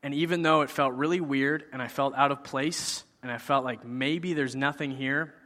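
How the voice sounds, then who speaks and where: A man's voice: mid-range voice, steady tone, normal speed, bright, forceful tone. A man telling a personal faith testimony in a casual, conversational way, acting out his own quoted lines. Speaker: speaker sharing a personal testimony. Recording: long hall reverb.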